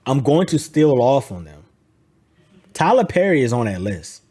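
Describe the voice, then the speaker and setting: Lively, animated man in casual chat. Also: medium pitch, normal speed, husky. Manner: animated, slangy, profane banter. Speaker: host.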